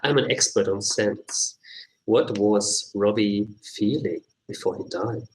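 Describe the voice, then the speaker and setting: A man playing in a tabletop role-playing game, describing his character's actions in a calm, matter-of-fact way. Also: fairly low pitch, takes it slowly, a little hiss or hum, low-quality recording. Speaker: player.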